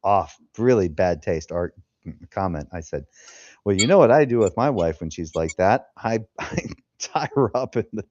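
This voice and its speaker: Animated man telling stories, dull dry headset sound. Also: sits low, normal speed, no room sound. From California. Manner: animated storyteller, acts out quotes. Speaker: host. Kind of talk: casual live-stream chat.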